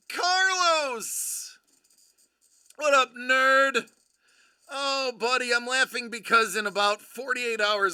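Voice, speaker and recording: A live stream host giving excitable commentary, giddy and prone to laughing and shouting in bursts. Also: mid-range voice, takes it slowly, clear, resonant tone, dry recording, clean studio sound.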